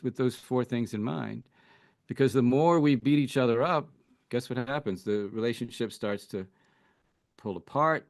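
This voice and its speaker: A man's voice: mid-range voice, a little mellow, no echo, studio quality. A man speaking as a relationship coach guest in an interview, thinking aloud with many "you know"s and restarts. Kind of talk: casual interview talk.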